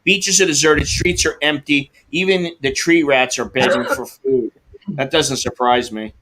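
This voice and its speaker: A man's voice: on the high side, normal speed, pushed and bright, slight background noise. A man hosting a livestream, telling a frustrating delivery story and reading comments, swearing and acting out both sides of the calls. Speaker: livestream host.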